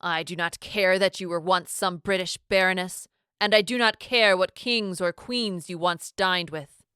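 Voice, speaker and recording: A woman's voice: fairly low pitch, measured pace, sharp tone, clean tone, no room sound, studio quality. A woman voicing a cruel female leader who speaks with false sweetness and hisses in anger. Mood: hissing anger.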